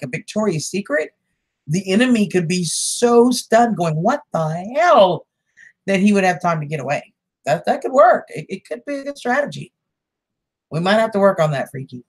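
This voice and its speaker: A woman's voice: medium pitch, darkish tone. A woman, hosting a casual livestream, chatting with viewers, greeting them by name and laughing often. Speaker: livestream host.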